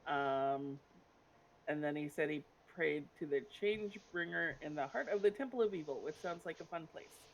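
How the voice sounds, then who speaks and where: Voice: mid-range voice, lively intonation, moderate pace, rough recording. A player in a tabletop game who talks casually, with many fillers.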